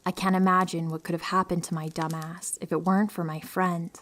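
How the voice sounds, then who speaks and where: A young woman calmly reading true horror stories aloud for sleep, slipping into hushed, whispery stretches. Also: lowish voice, fairly quick. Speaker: narrator reading listener stories. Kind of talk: soft scripted storytelling for sleep.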